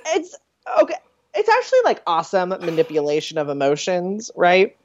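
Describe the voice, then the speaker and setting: A woman co-hosting a podcast, breaking down a film's plot in a lively, analytical way. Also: lowish voice, normal speed. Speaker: podcast co-host. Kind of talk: casual film discussion. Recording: dull lo-fi audio.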